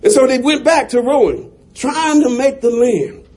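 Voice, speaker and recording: A man preaching a sermon as a pastor, shouting in rising runs and chuckling between lines. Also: very high-pitched, animated, normal speed.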